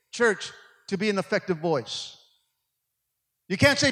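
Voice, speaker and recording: A male preacher delivering an energetic sermon in church, sweating from the effort and peppering his lines with amens. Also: high voice, brisk. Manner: call-and-response, frequent amens. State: sweating from exertion. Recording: long hall reverb.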